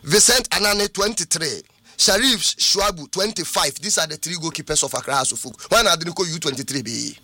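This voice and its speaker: A man's voice: on the high side, lively intonation, a little fast, sharp tone, no echo. A Ghanaian man, a football pundit, arguing insistently in a heated studio debate, reeling off names and ages.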